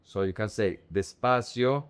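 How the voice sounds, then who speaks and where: A young man teaching vocabulary, saying words slowly and carefully and repeating them in drills. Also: lowish voice, smooth. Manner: slow, careful word-by-word drilling. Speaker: Spanish teacher. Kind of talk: vocabulary lesson to camera.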